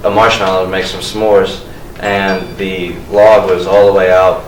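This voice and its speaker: Casting: young male storyteller, low and monotone, loose rambling delivery; distant mic in an echoey room with faint noise. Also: measured pace. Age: young adult. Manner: rambling, with uh and restarts. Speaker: student storyteller. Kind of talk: comic personal story.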